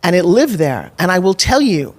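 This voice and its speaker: A woman's voice: lowish voice, sing-song, moderate pace, husky. A middle-aged woman as a podcast guest, telling a personal story candidly and with emphasis, acting out her own past thoughts. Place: studio in Nashville.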